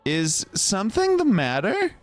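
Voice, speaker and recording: Man voicing a courteous escort, raised and formal, measured pace. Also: sits high, huge pitch swings, no echo, faint music behind, voice pushed up, exaggerated voice. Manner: polite, formal and deferential.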